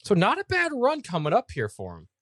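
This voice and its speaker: A man's voice: high-pitched, wildly swooping pitch, fairly quick, a bit bright, dry recording, clean studio sound. A man co-hosting a soccer podcast in casual chat, often stumbling and repeating words. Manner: stammering repeats, puts on a comic German accent. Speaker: podcast co-host.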